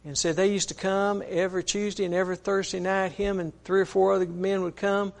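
A man's voice: high-pitched, flat delivery, brisk, gravelly. A man preaching a sermon, retelling another man's story in a folksy, earnest way, with frequent "he said" asides.

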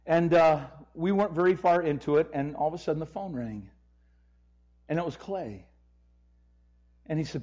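A middle-aged pastor tells a story from the pulpit in a mellow, slightly raised voice. He speaks earnestly and acts out the urgent pleading of the people in it. The recording sounds dull and lo-fi. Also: on the high side, animated, moderate pace, long pauses. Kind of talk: sermon storytelling.

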